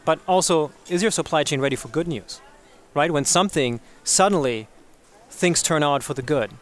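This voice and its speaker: A man hosts a business radio show in a measured, explanatory manner. His voice sits a bit higher than most men's. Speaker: podcast host. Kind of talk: conversational radio show talk.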